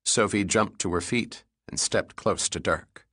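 A male narrator reads an action audiobook in a steady, measured way. His voice sits low. The sound is dry, close and free of room echo.

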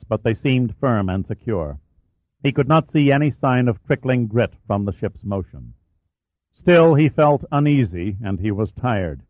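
A man narrating an adventure novel in a measured, dramatic storytelling manner. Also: medium pitch, no echo. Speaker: audiobook narrator. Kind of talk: scripted narration. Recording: tinny phone-like sound, dry.

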